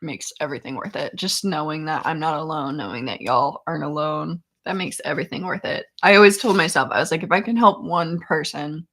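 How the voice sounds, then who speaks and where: Chatty young woman laughing through a live chat. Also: deep voice. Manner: chatty, warm toward viewers, laughs often, trails off with ums. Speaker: chronic illness vlogger hosting a live chat. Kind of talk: casual livestream chat reading comments.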